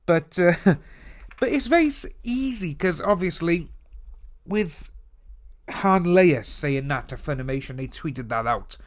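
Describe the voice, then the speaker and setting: A man from Wales with a Welsh accent, giving a rambling, animated commentary vlog from home. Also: fairly high pitch, a little slow. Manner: rambling, animated, stumbling restarts. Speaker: YouTube commentator. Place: home room with open window.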